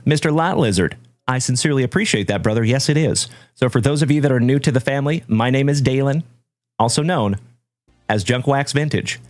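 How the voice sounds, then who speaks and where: A man hosting a live trading-card stream, chatting warmly with viewers and giving shout-outs. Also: mid-range voice, brisk, dry recording, faint music behind. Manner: hearty, shout-outs full of "my brother" and "my man". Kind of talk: upbeat livestream chat with viewers.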